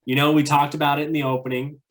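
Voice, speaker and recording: A man's voice: a little high, little pitch movement, quick pace, a bit bright. Guy rambling about trips on a podcast, lots of likes and ums. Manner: rambling, many fillers and restarts. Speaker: podcast co-host. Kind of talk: casual travel chat.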